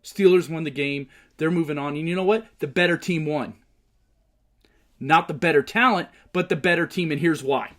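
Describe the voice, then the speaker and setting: A man's voice: a little high, moderate pace, a bit bright. A man hosting his own show, giving casual sports picks and movie talk, swearing and ranting hotly about his team. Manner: profane, heated ranting. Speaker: show host.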